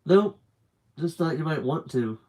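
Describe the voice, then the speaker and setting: A man's voice: a little high, expressive, unhurried, dark tone, voice pushed up, poor audio. A man voicing a sarcastic teenage girl, a blunt older sister, during a live book reading, asking dry questions in a slightly raised voice. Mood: offhand.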